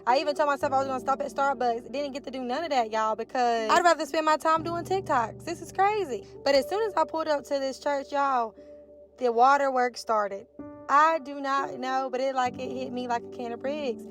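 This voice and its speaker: A young woman talks straight to her viewers in a chatty, heartfelt way. Her voice sits high, and music plays under her. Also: fairly quick, a bit bright. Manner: chatty, emotional, addresses viewers as y'all. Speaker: vlogger. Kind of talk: casual chat. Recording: music playing behind.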